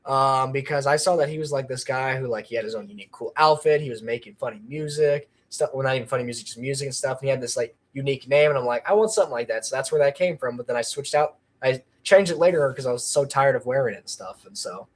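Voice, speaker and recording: A man's voice: mid-range voice, fast talker, few pauses. A man chatting on a casual livestream about his channel, rambling with lots of ums and restarts. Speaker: channel creator.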